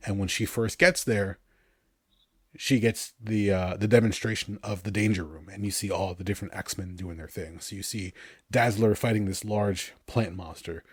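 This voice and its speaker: A man in his thirties chatting on a podcast, telling animated stories about cartoons he loved and laughing often. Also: on the low side, normal speed, husky, no room sound, clean studio sound. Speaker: podcast co-host. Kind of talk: casual podcast chat.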